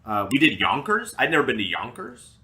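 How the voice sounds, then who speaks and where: Bright, animated male podcast storyteller. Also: medium pitch, a little fast. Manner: animated, acts out quotes, laughs often. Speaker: podcast co-host. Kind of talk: casual storytelling chat. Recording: roomy echo.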